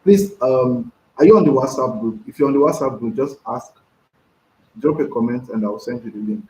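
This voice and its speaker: A man's voice: mid-range voice, normal speed, warm tone. Chatty man hosting a live stream. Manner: chatty, repeats himself, reads comments aloud. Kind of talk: casual live stream chat, reading comments. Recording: roomy, dull lo-fi sound with faint noise.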